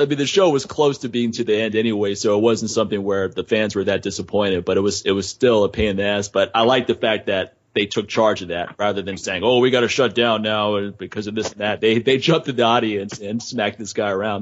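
A man's voice: lowish voice, steady tone, fast, hardly any pauses. Laid-back male interviewer, dull lo-fi sound. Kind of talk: casual interview chat. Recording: dull lo-fi radio audio.

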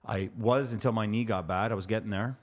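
A man co-hosting a contractors' podcast, an animated storyteller who laughs often in casual chat. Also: fairly low pitch, brisk. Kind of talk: casual chat and joke telling.

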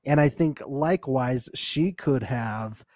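A man's voice: mid-range voice, takes it slowly, darkish tone, no room sound, clean studio sound. A man co-hosting a casual podcast, recapping a show with frequent laughter and acted-out quotes. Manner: laughs often, acts out quotes. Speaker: podcast co-host.

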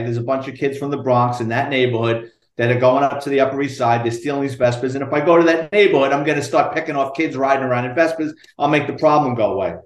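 A retired police detective, telling animated, profane stories in a podcast interview and acting out the quotes. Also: male voice, medium pitch, echoey room. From New York.

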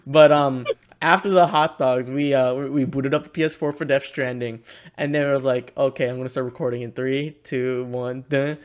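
A man's voice: medium pitch, steady tone, moderate pace. A young man co-hosting a podcast, telling stories in casual chat and laughing often. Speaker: podcast co-host.

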